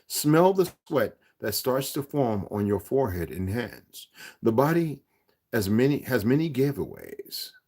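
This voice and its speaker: A man reading aloud, voicing a stern, possessive man who speaks softly and calmly with a serious edge. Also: medium pitch, unhurried, heavily acted. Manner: soft, calm, serious. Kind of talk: audiobook reading.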